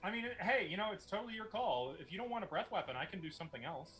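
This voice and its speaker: A man's voice: high voice, animated, rapid-fire, fairly bright tone. A man running a tabletop game as game master, narrating with playful teasing.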